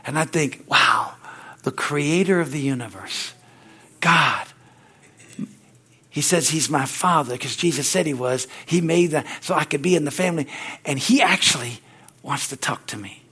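A man's voice: normal speed, long pauses, breathy edge. A middle-aged man preaching a sermon in church, fervent, with repeated words and frequent amens. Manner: stories grow loud and high-pitched. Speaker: pastor.

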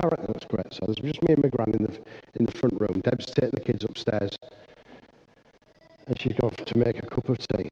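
Man preaching, mellow tone, excitable, lo-fi recording. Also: medium pitch. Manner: earnest, excitable storytelling with frequent restarts. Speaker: pastor. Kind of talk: sermon.

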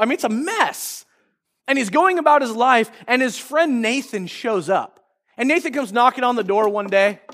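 A man's voice: very high-pitched, fairly bright tone. A male pastor preaching a sermon, retelling a story and acting out the quoted lines, often restarting his phrases.

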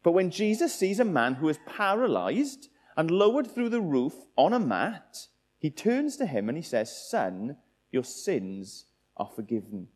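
A man's voice: sits high, sing-song, moderate pace, a little mellow. A man preaching a sermon, asking the listeners many rhetorical questions.

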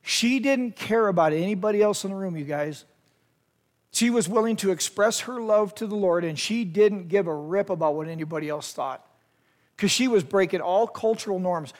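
A man's voice: high-pitched, normal speed. A youth pastor, a man retelling a scripture story vividly and speaking straight to young listeners. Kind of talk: storytelling sermon to a youth group.

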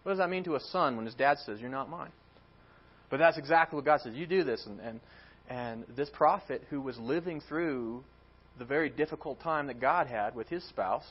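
A man delivers a sermon with lively energy, slipping into quoted speech as he retells the story. His voice sits a bit high for a man. The recording is dull and lo-fi. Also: breathy edge. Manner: animated, acts out God's words in quotes. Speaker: preacher.

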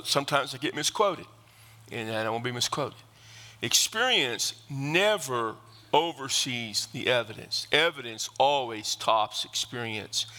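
Emphatic male preacher, bright voice. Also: medium pitch, big-room sound. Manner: emphatic, rises to excited preaching. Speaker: pastor. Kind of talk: sermon.

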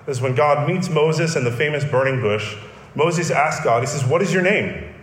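A man's voice: medium pitch, normal speed. Man, sermon, earnest, emphatic, echoey room. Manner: earnest teaching, emphatic repetition. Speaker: pastor.

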